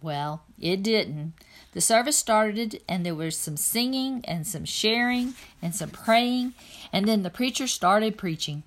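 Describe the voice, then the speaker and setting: A woman reading a children's novel aloud in an even, plain first-person narration. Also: mid-range voice, unhurried. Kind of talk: read-aloud storytelling.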